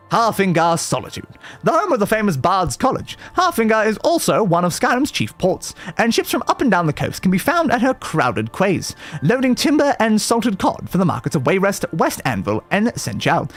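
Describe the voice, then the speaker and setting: A man streaming a game reads the in-game lore aloud in a high voice that rises and falls with great liveliness. He keeps stopping to joke, correct his pronunciation and laugh at tricky words. Soft music plays behind him. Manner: reads aloud with playful asides and self-corrections; stumbles on words and laughs at them. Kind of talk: casual livestream reading aloud.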